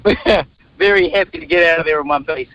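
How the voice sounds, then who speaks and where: A New Zealand man around fifty, a radio guest telling lively stories from a moving car. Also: fairly high pitch, fast, lo-fi sound. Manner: animated storyteller, acts out quotes. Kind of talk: casual radio interview.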